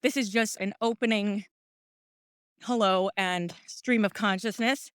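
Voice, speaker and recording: Walking up a hill outdoors, this breathless woman hosts a podcast, talking casually and encouragingly in a loose, upbeat ramble captured on a phone. She has a mid-range, clear, resonant voice and takes her time. There's no room sound, and it has studio quality.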